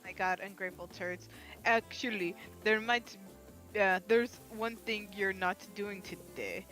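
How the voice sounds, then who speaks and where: A gruff, cleaver-proud male killer in a deliberately silly accent, put on by a woman playing a game. The voice sits low and grumbling and drags each phrase out slowly. Faint game music plays behind. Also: fairly bright tone, close to an everyday voice.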